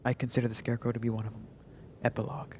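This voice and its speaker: Over game music, this gaming streamer talks very fast in a monotone, mid-range voice amid a noisy background. He rambles casually through his live gameplay commentary, relaxed and peppered with "like" and "you know."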